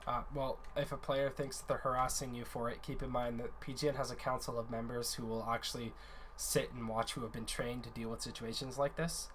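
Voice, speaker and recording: A man's voice: medium pitch, level tone, fairly quick, background noise. A man in a casual voice chat, earnestly explaining a gaming community's conduct rules at length, often restarting his sentences.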